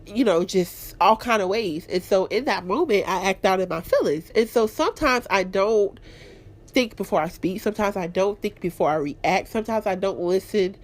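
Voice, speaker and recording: A woman hosting her own podcast, talking candidly and expressively about her week and her faith, clearing her throat now and then. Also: mid-range voice, animated, normal speed. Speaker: podcast host. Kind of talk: casual personal talk.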